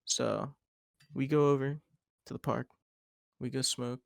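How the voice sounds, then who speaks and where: A man's voice: medium pitch, steady tone, a little slow, creaky, no room sound, studio quality. A young man hosting a podcast, telling a long story in a rambling, laid-back way with plenty of "like" and swearing. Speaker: podcast host. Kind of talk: casual storytelling chat.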